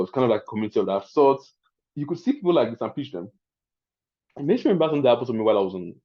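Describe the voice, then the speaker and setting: A man with a Nigerian accent hosting a live webinar, chatty and excitable, often laughing as he teaches. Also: medium pitch, highs cut off. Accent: Nigerian English. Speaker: webinar host.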